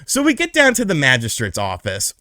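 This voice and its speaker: Animated young man telling a wild story. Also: mid-range voice, brisk, no echo, clean studio sound. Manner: candid, profane, animated. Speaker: vlogger. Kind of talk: casual storytelling.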